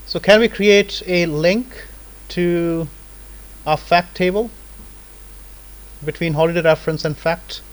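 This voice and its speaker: Talking students click by click through a live software lesson, a male lecturer keeps it loose and conversational, peppering his lines with "right?" and "okay?" as check-ins. His slightly high voice stays steady and slow with frequent pauses, captured in a rough recording.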